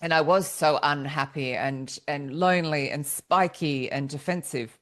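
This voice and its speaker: A woman's voice: deep voice, a little slow. A middle-aged woman talks as an interview guest, candid and self-deprecating. She laughs easily and often stumbles and restarts her sentences.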